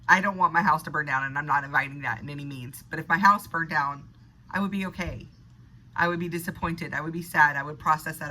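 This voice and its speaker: Bright-voiced woman giving a pep talk. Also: fairly low pitch, a little hiss or hum, poor audio. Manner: earnest, conversational, laughs at herself. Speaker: spiritual vlogger. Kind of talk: unscripted motivational monologue.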